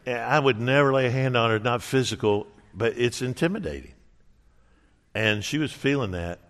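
A middle-aged man preaching a sermon, telling a personal story with earnest warmth and acting out quoted dialogue. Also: mid-range voice, animated, moderate pace. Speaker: pastor. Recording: reverberant hall.

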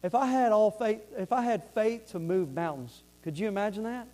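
A man's voice: high-pitched, fairly quick, hardly any pauses, dark tone. A man preaching a fervent sermon, repeating words and asking the congregation if they follow.

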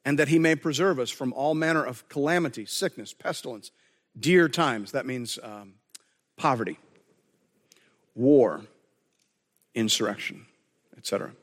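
A man's voice: mid-range voice, measured pace, pauses often, long reverb tail. A man preaching a sermon as pastor, earnest and conversational, often restarting his phrases.

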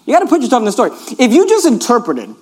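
Very high-voiced man preaching. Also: huge pitch swings, very fast, darkish tone. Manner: earnest, emphatic, repeatedly urges listeners to notice. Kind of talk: sermon.

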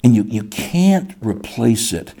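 A man's voice: medium pitch, very animated, slow pace, mellow. A middle-aged man preaching a sermon as pastor, earnest, often repeating words as he builds a point.

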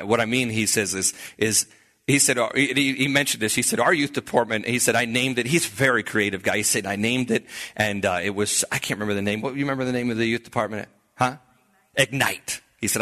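A pastor with a bright, forceful voice recounts a conversion story. He tells it with lively, animated energy and acts out the voices of the people he quotes. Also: medium pitch. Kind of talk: storytelling testimony.

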